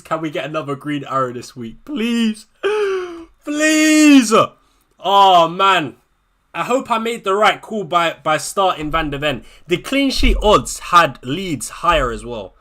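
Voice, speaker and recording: A fantasy football streamer talks things over live with his chat, anxious and swearing, repeating himself. His voice is a little high, bright and forceful.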